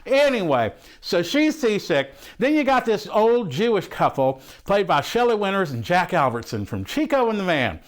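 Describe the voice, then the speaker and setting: A man's voice: high-pitched, sing-song, normal speed, hardly any pauses. A man playing a crude, horny movie fan who rambles and swears through a comic retelling of an old film. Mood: excited. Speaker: host reviewing a film. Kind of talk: comic character monologue.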